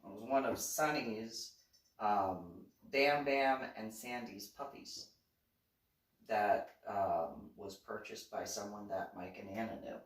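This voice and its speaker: Slow-talking woman in an echoey room. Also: very deep voice. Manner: laughs often while telling the story. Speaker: reverend and channel host. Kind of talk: rambling personal storytelling. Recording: echoey room, voice far from mic.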